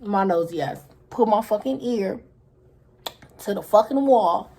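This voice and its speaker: A woman's voice: mid-range voice, a little slow, warm tone. A woman vlogger telling a casual story full of slang and swearing, who sometimes drops into whispers to act out scenes.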